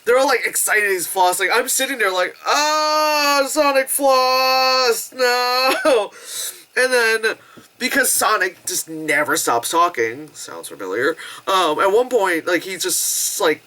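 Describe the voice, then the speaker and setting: A young adult woman chatting casually through a movie review, animated and giggly, swearing freely and acting out squealing quotes. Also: fairly low pitch, moderate pace.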